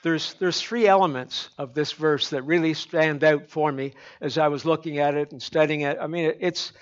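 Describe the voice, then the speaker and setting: A man's voice: on the high side, normal speed, few pauses, muffled recording. A man from Canada preaching a folksy sermon, chatty and joking with the congregation. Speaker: pastor.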